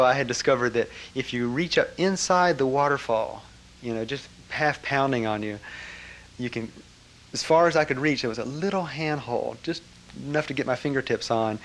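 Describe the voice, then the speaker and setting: A man telling a personal story to an audience, animated, with frequent laughter and trailing fillers. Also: medium pitch. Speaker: speaker recounting a memory. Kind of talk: personal anecdote to a live audience.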